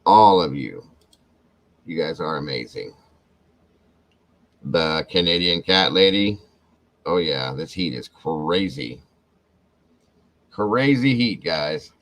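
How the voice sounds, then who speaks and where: On a low-quality recording, a livestream host with a deep, rumbling voice speaks slowly and animatedly, leaving long pauses. He's warm and effusive, calling out viewers by name and showering them with thanks.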